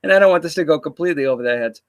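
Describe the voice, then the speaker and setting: A man's voice: a little high, very fast. A man hosting a casual livestream interview, teasing and swearing loosely as he chats into a computer mic. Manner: teasing, profane, loose banter.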